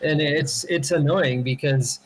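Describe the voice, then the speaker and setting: A man co-hosting a podcast in casual chat, animated, acting out other people and swearing freely. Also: a little high, a little slow, a crowd in the background, rough recording. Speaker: podcast co-host.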